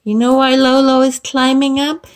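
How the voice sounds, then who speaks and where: A woman preschool teacher at home filming her pet bird on a phone, talking slowly and coaxingly to children and to the bird. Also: high voice. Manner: lively, coaxing, slow.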